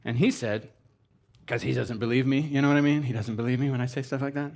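A man giving a comedic sermon to a live audience, animated and sarcastic, jumping between loud exclamations and mumbled asides. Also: mid-range voice, quick pace.

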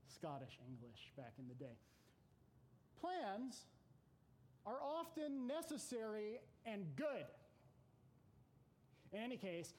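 A man who teaches Bible classes giving an unhurried, reflective devotional talk to a gathering, with hesitant fillers. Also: fairly high pitch, darkish tone, a little hiss or hum.

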